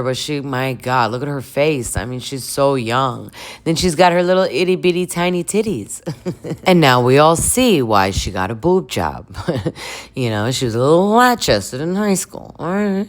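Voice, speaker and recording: A woman's voice: extremely low pitch, animated, a little slow. A woman chatting casually through a reality TV recap, crude and laughing often, mimicking the people she talks about. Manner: chatty and crude, laughs a lot, puts on voices for cast members. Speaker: recap vlogger.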